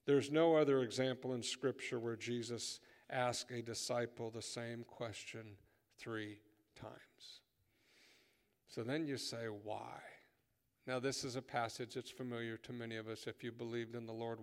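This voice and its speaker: Male pastor, mid-pitched voice, lively sermon delivery, echoing church hall. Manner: animated, acts out dialogue, drops to a whisper for emphasis. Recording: long hall reverb.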